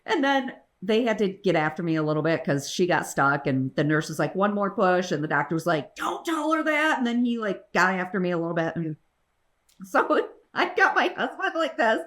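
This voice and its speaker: A woman's voice: fairly low pitch, big pitch swings, brisk, fairly bright tone. A woman co-hosting a casual podcast, telling candid, blunt stories among friends. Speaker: podcast co-host. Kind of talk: casual chat.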